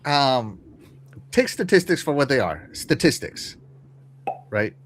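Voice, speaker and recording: Animated man hosting a casual stream. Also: medium pitch, slow pace. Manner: animated, many fillers and restarts, talking to a live chat. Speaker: podcast host. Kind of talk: casual live-stream chat.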